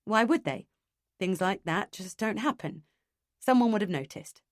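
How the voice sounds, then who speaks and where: A woman voicing a calm, firm man. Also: medium pitch, moderate pace, no echo, clean studio sound, close to an everyday voice. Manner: firm, reassuring, logical. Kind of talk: audiobook dialogue reading.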